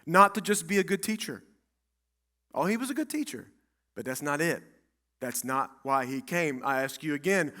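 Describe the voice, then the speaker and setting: A male pastor preaching in a church, with a bright, forceful voice that sits a little high for a man. He is emphatic and dramatic, and he drives his points home through repetition. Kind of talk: sermon. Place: church sanctuary.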